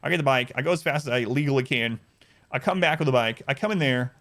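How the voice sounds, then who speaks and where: A man telling an exasperated story on his live stream, animated and acting out the people he quotes. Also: mid-range voice, quick pace. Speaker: livestreamer.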